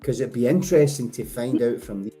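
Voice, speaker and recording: A man hosts a casual live chat over voice in a poker game, with a mellow, darkish tone. He laughs easily and trips over his words. Faint music plays underneath. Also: mid-range voice, a little fast. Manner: chatty, laughs often, stammers and restarts. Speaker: host interviewing players.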